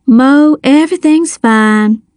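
A woman's voice: sits high, slow pace, a little mellow, no room sound, studio quality. A woman voicing a glamorous, theatrical cafe owner who sprinkles French words into affectionate talk.

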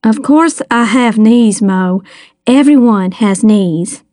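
A woman's voice: fairly high pitch, slow, no echo, clean studio sound. A woman voicing a prim, poised schoolteacher who speaks politely and corrects grammar. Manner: polite, correcting, gently reserved.

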